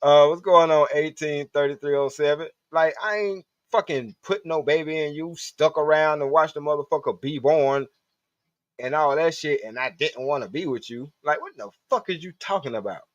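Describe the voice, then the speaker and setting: Male streamer, loose and profane, talking to chat. Slightly high voice, dry muffled home audio. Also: normal speed, dry recording. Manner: profane, rambling, talks to chat. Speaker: live stream host. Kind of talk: casual livestream monologue.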